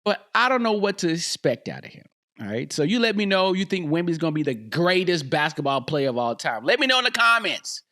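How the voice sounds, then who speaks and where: A man's voice: a little high, very animated, a little fast, pushed and bright. A man hosting a podcast, talking through his views in a casual, joking way and repeating lines to drive a point home. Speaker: podcast host. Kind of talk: casual solo commentary.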